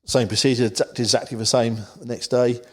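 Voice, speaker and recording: A man from the Isle of Wight, England, talks fast in a medium-pitched, slightly mellow voice with fairly even intonation. As a podcast guest, he tells a long story in casual, rambling chat, full of "you know" asides.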